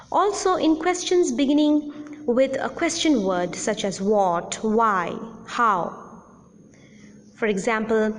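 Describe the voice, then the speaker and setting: A woman teacher talks through a recorded lesson at an unhurried, deliberate pace, reading out example sentences. Her voice sits a little high. The recording carries a long reverb tail. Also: animated. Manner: slow, deliberate explanation with spoken examples. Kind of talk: recorded audio lecture.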